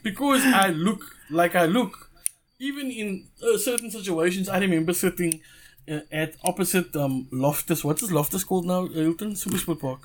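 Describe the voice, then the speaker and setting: A young man with a South African accent, a podcast guest telling stories in a loose, animated way, laughing often and swearing freely. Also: sits high, a little hiss or hum. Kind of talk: casual storytelling.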